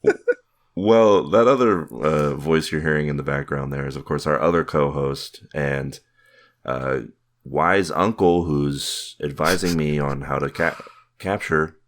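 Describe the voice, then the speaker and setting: A man's voice: very deep voice, unhurried. A man hosting a casual podcast, joking and rambling with his co-hosts. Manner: jokey, rambling, laughs at his own bits. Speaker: podcast host.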